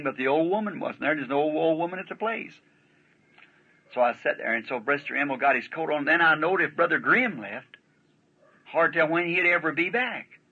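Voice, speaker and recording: A man's voice: fairly high pitch, sharp tone, slightly rough. A man preaching a sermon, telling a story in a folksy, rambling way and often breaking in with "see?". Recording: dull lo-fi archival sermon tape.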